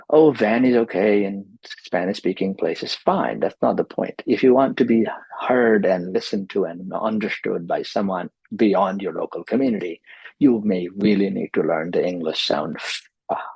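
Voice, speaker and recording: Low, gravelly-voiced man teaching. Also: a little mellow, no room sound, low-quality recording. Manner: emphatic, repeats key advice. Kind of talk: instructional video lesson.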